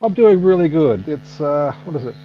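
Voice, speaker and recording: A man in his fifties with an Australian accent, chatting as a guest in a relaxed, self-deprecating way. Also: on the high side, moderate pace, lo-fi sound, slight background noise. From United States. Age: 50s. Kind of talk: casual chat. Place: home at night.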